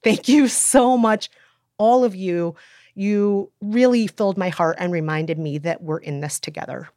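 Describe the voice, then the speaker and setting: A woman co-hosting a podcast in casual chat, animated and self-deprecating. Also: mid-range voice, unhurried, no echo, clean studio sound. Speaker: podcast co-host.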